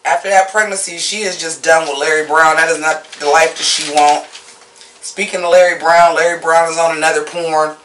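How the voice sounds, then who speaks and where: A TV-show reviewer talking in a loose, casual recap style, cursing freely and blunt about every complaint. The voice sits at a mid pitch and sounds set back from the mic, bouncing around an echoey room. The tone turns mocking whenever a scene falls flat. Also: brisk, distant mic, a little hiss or hum. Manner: blunt, profane, opinionated; animated, mocking. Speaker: TV episode reviewer.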